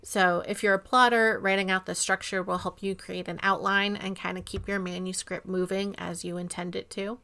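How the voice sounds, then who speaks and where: A woman's voice: mid-range voice, little pitch movement, normal speed, few pauses, pushed and bright. A woman co-hosting a chat show about writing, enthusiastic and affirming. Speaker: podcast co-host, book editor. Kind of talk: casual chat.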